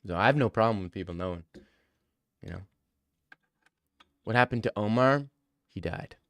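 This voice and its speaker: A man's voice: fairly low pitch, lively intonation, normal speed, fairly bright tone, no echo. A man in his twenties streaming, reading chat aloud and bantering and joking back at it in casual talk.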